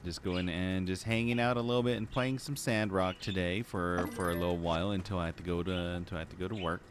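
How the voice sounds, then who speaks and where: A man's voice: deep voice, fairly even intonation, quick pace, slight background noise. A man casually chatting while streaming a game, rambling and restarting his phrases. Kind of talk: casual live-stream chat.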